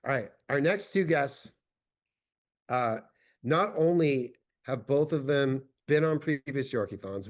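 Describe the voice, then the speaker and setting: A man's voice: medium pitch, a little mellow. A man hosting a podcast, introducing his guests with enthusiasm. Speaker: podcast host.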